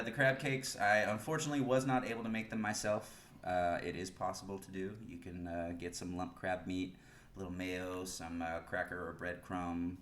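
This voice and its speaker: Deep-voiced man in an echoey room. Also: a bit bright. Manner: rambling, with many "uh" pauses. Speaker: podcast co-host. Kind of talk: casual chat. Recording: roomy echo, faint hiss.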